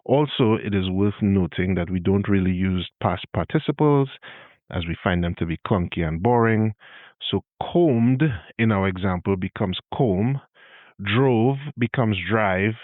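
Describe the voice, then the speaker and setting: A man with a Trinidadian accent hosts a podcast lesson. He talks in a good-humored, easy way and slows down to show how words sound. His voice sits on the low side. The recording is dry and tinny, like a phone line. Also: dry recording. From Trinidad and Tobago. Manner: good-humored, spells out sounds slowly to demonstrate. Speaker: podcast host. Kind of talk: explanatory monologue, tutorial.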